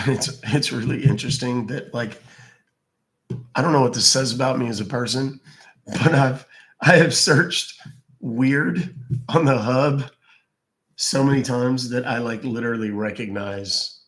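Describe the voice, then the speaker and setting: A man speaking on a live stream, stopping and restarting his sentences often and filling the gaps with ums and uhs. His voice sounds worn, as if he is losing it. His pitch sits in the middle range for a man. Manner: hesitant, halting with many fillers. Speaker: scam-baiting streamer. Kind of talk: casual live stream chat and playing a caller.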